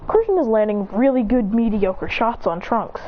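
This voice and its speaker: A woman's voice: fairly high pitch, expressive, moderate pace, muffled recording, a little hiss or hum. A woman retelling a fan story in a breathless, run-on way with sound effects.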